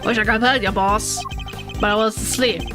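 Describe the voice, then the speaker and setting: A woman's voice: medium pitch, fairly even intonation, moderate pace, close to an everyday voice. A woman voicing a streetwise male boxer suspect who talks in defensive tough-guy slang, over game music. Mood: cocky.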